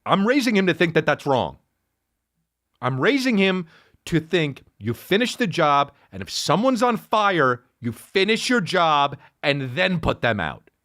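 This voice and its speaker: A man with a high, very lively voice tells a comic story as a podcast host. He swears freely, his pitch swinging up and down as he acts out everyone in the tale. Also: unhurried.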